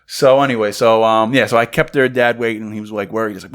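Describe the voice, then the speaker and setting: A young man co-hosting a podcast tells a story casually over cigars, speaking fast in a fairly low voice with a clean tone. He's animated and acts out the voices of the people in his story.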